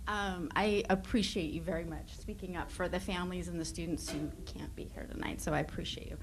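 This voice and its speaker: A woman's voice: on the low side, fairly even intonation, brisk, noisy background. A woman, a parent and activist, speaking earnestly in public comment at a school board meeting into a podium microphone. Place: meeting chamber.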